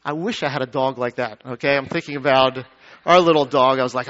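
A male pastor preaching to his congregation, swinging from emphatic peaks to quiet low asides and asking the crowd questions. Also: steady tone, fairly quick. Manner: dynamic preaching, rising to emphatic peaks then dropping low. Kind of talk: sermon. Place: church sanctuary. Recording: dull lo-fi sound.

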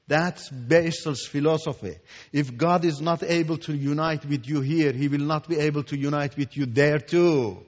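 Man, fairly high voice, emphatic preached testimony, long hall reverb. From Iran. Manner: emphatic, repeats words for stress, swings from hushed to loud. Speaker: Christian teacher giving testimony. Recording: echoey hall, dull lo-fi sound.

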